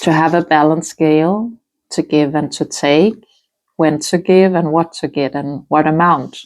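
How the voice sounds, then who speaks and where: Slow, low-voiced woman reading tarot. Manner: musing, thinks aloud with soft hums and restarts. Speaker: tarot reader. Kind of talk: casual spoken tarot reading.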